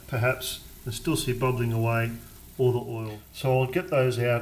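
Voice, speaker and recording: A man giving a calm, step-by-step cooking demonstration in his home kitchen, explaining as he goes with frequent pauses and fillers. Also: mid-range voice. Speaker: home cook demonstrating a recipe.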